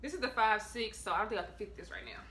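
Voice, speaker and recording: Bright-voiced chatty woman vlogger. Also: mid-range voice, lively intonation, quick pace, slight background noise. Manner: chatty, slangy and offhand, talking to viewers as y'all. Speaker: fashion haul vlogger. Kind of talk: casual try-on haul chat. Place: at home in her bedroom.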